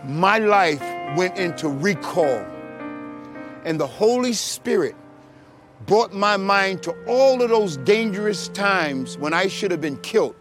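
High-voiced man telling a church testimony. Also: takes it slowly, music in the background. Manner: animated storytelling, acting out voices with big swings in pitch and loudness. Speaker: testimony speaker.

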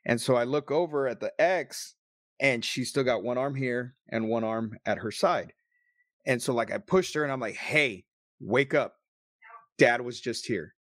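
A man's voice: medium pitch, a bit bright, dry recording, clean studio sound. A man telling a personal story in a casual, emotional and profane way, sometimes choked up. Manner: emotional, profane, quick bursts.

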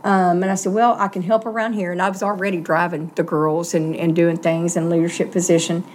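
A woman's voice: fairly low pitch, little pitch movement, brisk, a little hiss or hum. A middle-aged woman, earnestly telling a personal story in an interview and acting out the voices she quotes.

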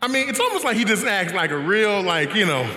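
A man preaching a sermon, emphatic, often rising to shouts and laughing. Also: high voice, very animated, fairly quick, roomy sound, long reverb tail.

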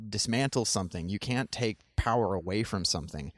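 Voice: deep voice, brisk, no echo, clean studio sound. A podcast host in casual chat, wry and playful, stammering when building a point.

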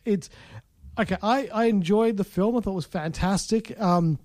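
A man's voice: high-pitched, moderate pace, a little mellow, no room sound. A man co-hosting a podcast, chatting casually about films in a rambling way, with many restarts and fillers. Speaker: podcast co-host. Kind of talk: casual film review chat.

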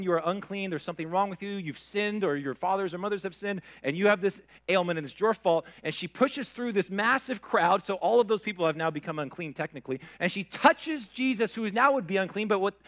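A man preaching a sermon, telling stories with dramatic swings from hushed to loud. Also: on the high side. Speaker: pastor.

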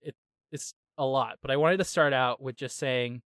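A man hosting a laid-back podcast chat. His voice is smooth and resonant, and it sits in a middling range. He retells the story in a lively, slangy way and keeps tossing in quick asides, and the recording is close and dry. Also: medium pitch, no echo. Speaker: podcast host. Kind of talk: casual chat, episode recap.

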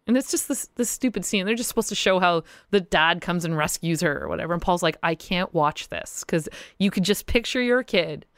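Smooth-voiced mom chatting, hesitant. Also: female voice, lowish voice, animated, brisk, hardly any pauses, fairly bright tone, dry recording, studio quality. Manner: hesitant, many ums and uhs. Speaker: podcast guest. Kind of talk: casual podcast chat.

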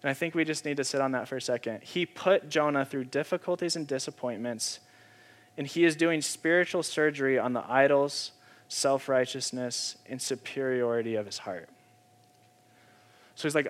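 A man's voice: medium pitch, moderate pace, fairly bright tone. A man, a pastor, giving a conversational sermon, talking casually with lots of fillers and then breaking into sudden emphatic bursts.

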